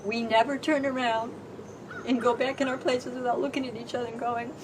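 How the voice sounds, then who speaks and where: A woman, a homeowner, telling her own story in an expressive, animated way, recorded outdoors on a porch. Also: a little high, fairly quick. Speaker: housing program homeowner. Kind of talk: personal storytelling. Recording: distant mic with background noise.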